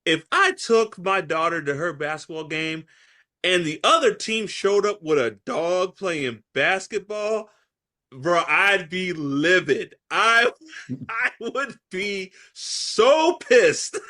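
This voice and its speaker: A man co-hosting a podcast in casual chat, animated and laughing, acting out ranting voices. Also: high-pitched, slow pace. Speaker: podcast co-host.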